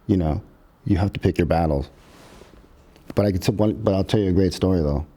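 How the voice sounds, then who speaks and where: A middle-aged man, a filmmaker guest on a podcast, telling stories casually in an animated, profane way and acting out quotes. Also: deep voice, a little fast. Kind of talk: casual storytelling.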